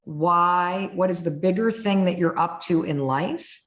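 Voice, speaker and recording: A woman hosting a podcast interview, telling stories in an animated, blunt way and cursing freely. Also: lowish voice, a little slow, reverberant. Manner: animated storyteller who acts out inner voices, blunt and swears freely. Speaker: podcast host. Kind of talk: candid conversational interview.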